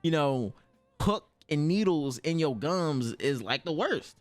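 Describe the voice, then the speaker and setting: A young man streamer, telling a story casually, swearing freely and jumping his pitch high when he acts out quotes. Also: expressive, slow pace.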